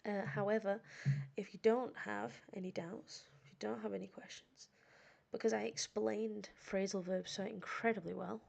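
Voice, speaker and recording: A woman teaching English on a live stream, chatting casually in a playful, self-teasing way with soft asides. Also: mid-range voice, fairly even intonation, moderate pace, creaky.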